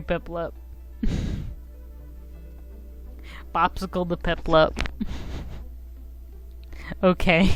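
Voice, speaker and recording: A young woman streaming a game, chatting casually in a giggly, self-mocking, rambling way. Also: low voice. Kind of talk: casual live-stream chat.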